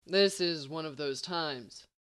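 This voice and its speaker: A woman's voice: deep voice, slow pace, fairly bright tone, clean tone. A woman voicing a brilliant young man who talks sheepishly and evasively.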